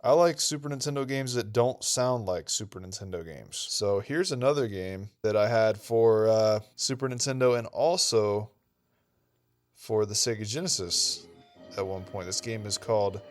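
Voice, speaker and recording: A man's voice: fairly low pitch, measured pace, faint music behind. Laid-back man rambling over game footage. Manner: laid-back, rambling, says "dude" and "okay" often. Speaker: retro gaming channel host. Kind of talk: casual gameplay commentary.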